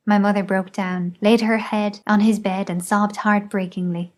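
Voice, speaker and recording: A woman reading a memoir aloud in scripted narration, measured and even. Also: mid-range voice. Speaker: audiobook reader.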